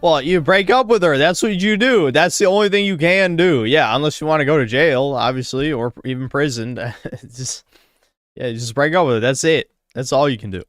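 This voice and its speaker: A man's voice: fairly high pitch, moderate pace, fairly bright tone, dry recording, studio quality. A man streaming a game and talking casually, muttering offhand remarks to himself.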